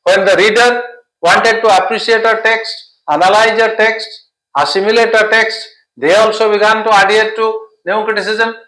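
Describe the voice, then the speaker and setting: High-voiced man lecturing in echo. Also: fairly even intonation, normal speed, sharp tone. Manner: repetitive, listing synonyms, explanatory. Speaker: literature teacher. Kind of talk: exam-prep lecture.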